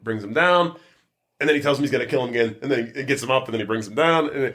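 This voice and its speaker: Casting note: male podcast host, mid-pitched, rambling and laugh-prone, casual. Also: fast talker, a bit bright. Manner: laughs often, rambling storyteller. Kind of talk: casual chat.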